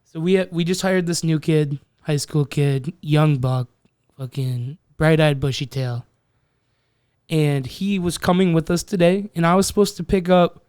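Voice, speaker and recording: A young man telling a story on a podcast, swearing a lot and talking in an animated way. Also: fairly high pitch, clear, resonant tone, no echo, clean studio sound. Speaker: podcast co-host. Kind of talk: casual chat.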